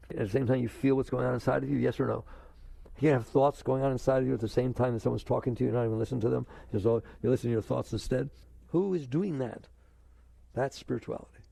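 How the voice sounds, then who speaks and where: A man's voice: mid-range voice, gravelly, warm tone, breathy edge, dry recording. An older man giving a conversational spiritual talk, questioning his listeners and acting out inner voices. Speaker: spiritual teacher.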